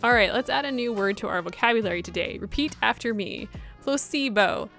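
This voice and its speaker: Smug middle-aged male executive, boastful pitchman patter, read by a woman in a bright voice. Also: fast, creaky, faint music behind. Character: pompous middle-aged male company president.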